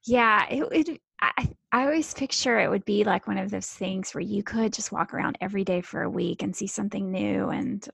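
A woman co-hosting a casual podcast chat, encouraging her partner and speaking in halting starts. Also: mid-range voice, vocal fry, a bit bright, breathy edge, no room sound. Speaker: podcast co-host.

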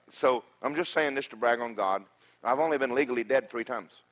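A pastor preaching a sermon, telling stories with humorous asides and swinging from loud exhortation to quiet remarks. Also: male voice, medium pitch, normal speed. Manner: animated storytelling with humorous asides.

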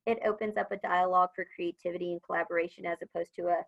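Her voice sits on the low side, creaky and steady in tone, and she talks fast while the highs are cut off. She's a supplier's customer service leader in a business interview, chatting upbeat about customer service and performing phone greetings.

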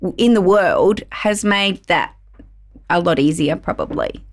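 A woman, a lawyer and podcast host, chatting in a relaxed interview and telling lively stories. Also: fairly low pitch, unhurried. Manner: lively storyteller, laughs easily. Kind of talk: casual conversational interview.

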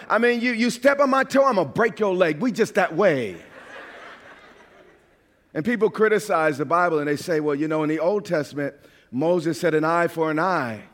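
A man from New York preaching a sermon as a pastor, animated and at times shouting. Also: sits high, in a large hall.

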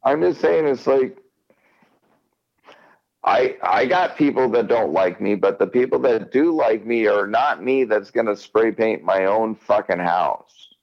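A man's voice: on the low side, a little slow, gravelly, highs cut off. A man in casual podcast chat, rambling and swearing, often repeating himself. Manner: rambling, profane, repeats words.

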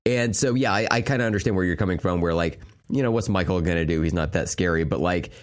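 A man hosting a podcast, talking casually with a hoarse voice, rambling with lots of fillers and swearing. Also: deep voice, fast. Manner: loose, profane, rambling with many fillers. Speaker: podcast host.

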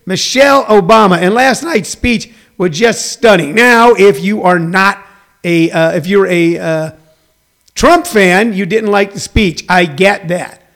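Gravelly, high-pitched middle-aged man. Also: unhurried, fairly bright tone. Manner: chatty, digressive, folksy asides. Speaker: talk show host. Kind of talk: rambling monologue.

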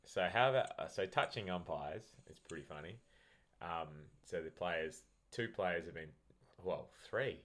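A young Australian man with a very low voice tells rambling footy stories in a relaxed podcast chat. He drifts from point to point and swears casually. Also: measured pace. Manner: rambling, laid-back storyteller, swears casually. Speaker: podcast co-host. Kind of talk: casual sports banter.

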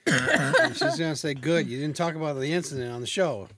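A podcast co-host cutting in with quick teasing remarks in casual chat. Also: medium pitch, expressive. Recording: loud background noise.

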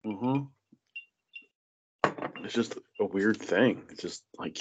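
A man talks in a loose political chat, slipping into mocking impressions and swearing freely. His voice sits fairly low, and the recording sounds dull and lo-fi. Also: slow pace, a little hiss or hum. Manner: mocking, animated impressions, profane.

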